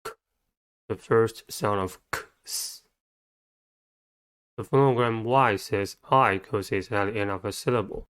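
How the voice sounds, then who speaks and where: A man teaching English vocabulary, spelling out words letter by letter and sound by sound in a slow, methodical way. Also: lowish voice, fairly bright tone, smooth. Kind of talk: scripted instructional narration.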